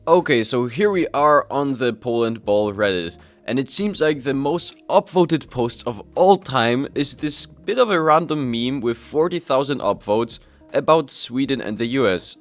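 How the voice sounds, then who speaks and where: Man, vlog host, casual commentary, chatty, self-deprecating, mid-pitched voice, faint music behind. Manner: chatty, self-deprecating, addresses viewers directly. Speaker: YouTube host reviewing comics.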